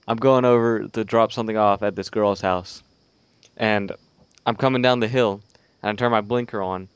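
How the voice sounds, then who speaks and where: A man's voice: fairly low pitch, clean tone, dry recording, highs cut off. A young man on a podcast, telling a rambling story in casual chat, swearing and acting out the quotes. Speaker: podcast co-host.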